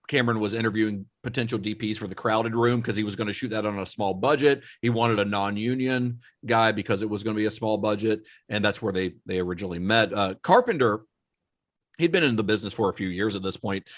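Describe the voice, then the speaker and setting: Male podcast host, casual storyteller, fillers galore, low-set voice, dry recording. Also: brisk, a bit bright, no room sound. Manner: rambling, filler-heavy, laughs often.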